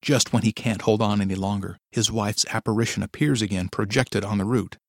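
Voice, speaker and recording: A man narrating a dark story in a low, measured storytelling voice. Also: steady tone, gravelly, dry recording. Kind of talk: dramatic audiobook narration.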